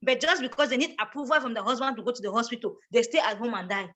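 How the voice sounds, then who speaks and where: A woman's voice: fairly high pitch, fast, a bit bright. A woman with a Cameroonian accent, a guest speaker making a passionate case, stressing her points and repeating words as she pushes on. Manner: emphatic, repeats words when pressing a point. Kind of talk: passionate advocacy talk.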